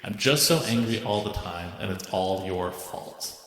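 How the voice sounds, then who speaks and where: A man voicing a mean, angry machine in a comedic letter reading, with a sulky, grumbling monotone. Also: sits low, a little slow, roomy sound, in a large hall, pitched below the performer's own voice.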